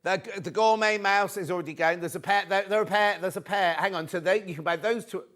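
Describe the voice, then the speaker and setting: A man presenting a live TV shopping show, chatty and excitable, reading out prices and viewer messages. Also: high-pitched, fast. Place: TV studio.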